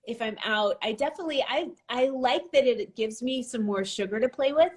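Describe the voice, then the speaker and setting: Friendly, fairly high-voiced woman. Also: brisk. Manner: agreeable, supportive backchannels. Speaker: livestream guest. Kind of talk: casual chat. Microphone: phone on a live stream.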